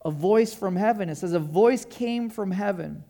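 A man's voice: high voice, normal speed, gravelly, dark tone. A male pastor preaching a sermon to his congregation in a casual, enthusiastic way, often asking the listeners questions. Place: church service.

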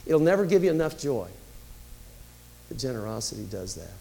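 A man's voice: medium pitch, very animated, brisk, gravelly, mellow, low-quality recording. A man preaching a sermon as pastor, telling stories in a conversational way with emphatic rises.

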